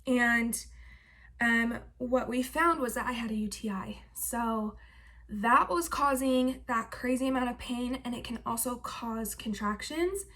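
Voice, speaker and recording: Young woman, pregnant vlogger, casual chatty update, lots of fillers, a bit high-pitched. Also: unhurried, a bit bright. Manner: chatty, filler-heavy with frequent "like" and "um". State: heavily pregnant.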